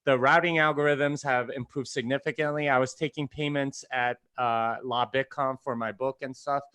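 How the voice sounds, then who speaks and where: A man's voice: mid-range voice, fairly even intonation, normal speed, sharp tone, clear, resonant tone, dry recording. A man appearing as a podcast guest, explaining things in a loose, casual way with many fillers. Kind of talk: casual chat.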